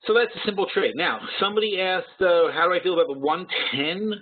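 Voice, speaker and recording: A man's voice: high voice, expressive, quick pace. A man hosting a live trading webinar, rambling and correcting himself as he works through figures aloud. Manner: rambling, self-correcting, thinks aloud while calculating. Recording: tinny phone-line webinar audio.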